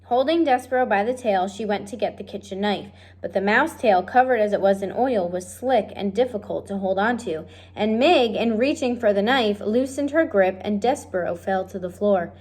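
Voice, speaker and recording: A woman reading a children's novel aloud, speaking directly and warmly to her listeners. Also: medium pitch, normal speed, few pauses. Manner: friendly, direct address to listeners. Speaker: reader of a children's book. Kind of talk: read-aloud storytelling.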